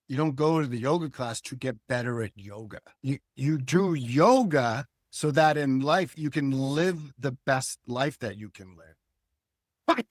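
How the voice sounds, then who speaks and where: An older man and guest cartoonist, talking in a reflective, philosophical way and telling animated stories in a relaxed interview. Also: mid-range voice, no echo, clean studio sound. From Hull, Massachusetts.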